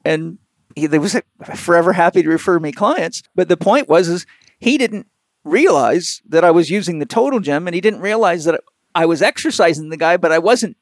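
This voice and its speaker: A man who works as a physical therapist telling a long, animated anecdote in an interview, rambling with lots of fillers. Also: on the high side, normal speed, no echo. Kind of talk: storytelling in an interview.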